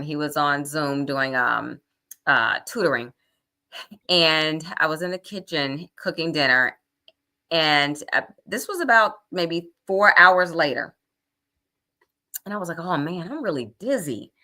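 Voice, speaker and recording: Middle-aged woman guest, bright and lively storyteller, plays every line of her inner dialogue. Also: low-pitched. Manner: animated, acts out her own quoted thoughts. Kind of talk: casual anecdote telling.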